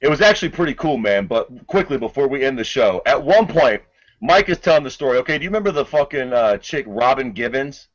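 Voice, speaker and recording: A man co-hosting a podcast, chatting loosely with lots of swearing and animated retold stories. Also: medium pitch, fast talker. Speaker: podcast co-host. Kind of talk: casual profane chat. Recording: dull lo-fi podcast audio.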